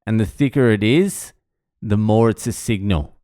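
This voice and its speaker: Aussie guy rambling a sweary story, smooth voice, dry close sound. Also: on the low side, normal speed, mellow, no room sound. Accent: Australian. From Australia. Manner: sweary, self-mocking anecdote with laughs. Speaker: vlogger. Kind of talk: casual storytelling.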